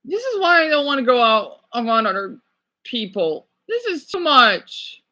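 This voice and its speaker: A man's voice: very high-pitched, sing-song, moderate pace, pushed and bright. A middle-aged man reacting on a livestream, ranting in a heated, exasperated way. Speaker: livestream host.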